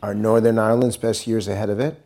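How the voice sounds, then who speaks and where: A middle-aged American man giving a speech to a university audience, telling a story in an earnest way and dropping quiet and grave at serious points. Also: lowish voice, flat delivery, quick pace. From United States. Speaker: pollster giving a talk.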